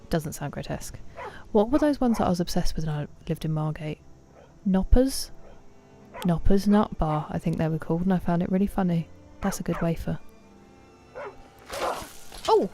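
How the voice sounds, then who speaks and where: A young woman giving casual commentary while streaming a game, chatting with her viewers and reacting loudly. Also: lowish voice, fast, few pauses, music in the background.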